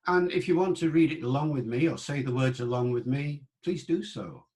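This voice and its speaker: A male lecturer giving an online talk, explaining patiently and sounding out words slowly to demonstrate them. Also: mid-range voice, lively intonation, a little mellow. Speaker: lecturer on the English language.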